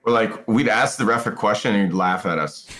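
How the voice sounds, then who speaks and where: A man's voice: fairly low pitch, fairly quick, a bit bright. Profane, rambling man telling a story. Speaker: esports pro player guest. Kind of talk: casual podcast chat.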